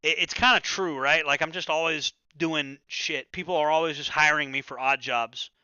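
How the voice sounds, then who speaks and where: A man's voice: fairly high pitch, fairly even intonation, normal speed, pushed and bright, clean tone, dry recording, muffled recording. A man hosting a livestream, chatting casually and loosely, with plenty of swearing and stammered restarts. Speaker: livestream host. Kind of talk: casual rambling livestream chat.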